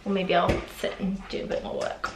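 A woman's voice: fairly low pitch, level tone, fairly quick, creaky, noisy background. A young woman chatting casually at home on her sofa, rambling and giggling through a haul vlog. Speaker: lifestyle vlogger. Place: home living room, on the sofa.

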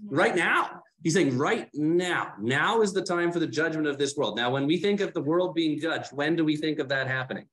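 A man's voice: fairly high pitch, fairly quick, hardly any pauses, a bit bright. A man leading a Bible study, explaining the text in a conversational way, often asking the group questions and correcting himself as he goes. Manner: fillers and self-corrections while explaining. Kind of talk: casual teaching talk.

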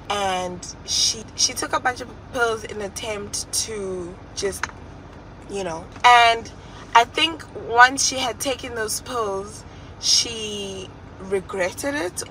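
A woman's voice: mid-range voice, pushed and bright, a little hiss or hum, rough recording. A young woman telling a personal story in a storytime vlog, speaking candidly and emotionally. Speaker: vlogger.

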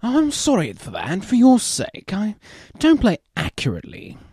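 A man reading aloud as a witty, idle young gentleman in a classic comedy of manners, in a theatrical, arch manner. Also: high-pitched, huge pitch swings, moderate pace, husky, no room sound, clean studio sound, voice pushed up, exaggerated voice.

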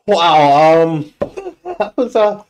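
Slow, drawn-out stunned reactor guy. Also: a little high, animated, a little mellow. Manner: short stunned exclamations. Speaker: reaction video host. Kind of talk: reacting to a clip.

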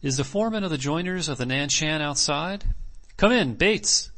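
A man voicing a stolid middle-aged sea captain who speaks in a low, earnest way and wastes no words. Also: animated, moderate pace, bright, forceful tone.

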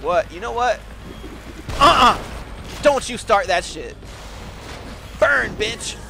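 A man giving loud, excitable let's play commentary, swearing and yelling at enemies. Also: high-pitched, slow pace, vocal fry, a little hiss or hum. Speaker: gaming commentator. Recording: commentary over loud game music and effects.

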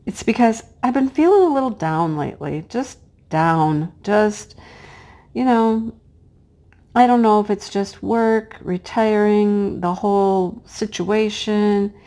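A middle-aged woman chatting casually while she crafts, her voice hoarse and cracking, sometimes dropping to a hush as she works. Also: medium pitch. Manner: chatty and homey, drops to a hush while placing pieces. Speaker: crafting vlogger and teacher. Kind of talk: casual chat while diamond painting.

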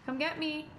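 A woman's voice: very high voice, reverberant. A young woman streaming a horror game, chatting with viewers and shrieking at the scares. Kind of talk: live game commentary.

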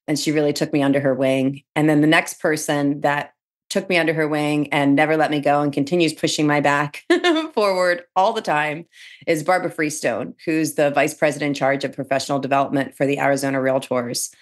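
Low-voiced, lively middle-aged woman storyteller. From New Jersey. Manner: animated storyteller, laughs often, quick restarts. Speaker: podcast guest, real estate speaker and trainer. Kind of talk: casual interview chat.

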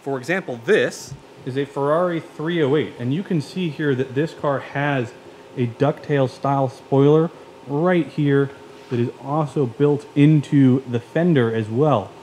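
A man hosting a car build vlog, talking in a relaxed, conversational way with frequent fillers. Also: mid-range voice, measured pace, slight background noise. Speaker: car build channel host. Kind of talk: casual build vlog narration.

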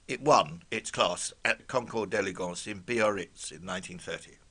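A man's voice: deep voice, moderate pace, husky. An older man narrating a scripted spoken memoir in a wry, vivid manner. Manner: wry, vivid, brightly expressive. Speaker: storyteller.

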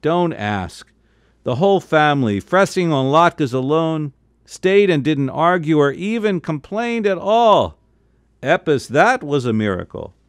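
A man, a cantor, reading a bedtime story aloud with lively, expressive delivery, jumping into high excited voices for the characters' lines. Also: measured pace, no echo, studio quality. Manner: jumps into high excited voices for family members' quotes.

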